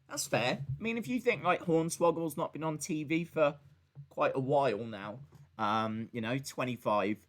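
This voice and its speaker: A man hosts a casual live stream, reacting to wrestling and reading out chat messages in a fairly high, animated voice that sounds pushed and bright, at normal speed. He rambles chattily with many fillers and restarts, joking and talking back to both viewers and a voice assistant.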